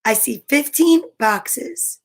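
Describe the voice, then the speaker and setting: A woman reading picture books aloud to children, gentle and encouraging, asking questions and counting along with them. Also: sits high, lively intonation, takes it slowly, vocal fry. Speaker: children's story reader.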